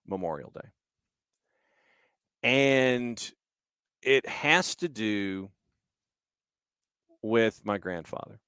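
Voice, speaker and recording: A man hosting a podcast, telling a story in an unhurried, conversational way with a few restarts. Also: medium pitch, lively intonation, fairly bright tone, clean tone, no echo, clean studio sound. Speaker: podcast host.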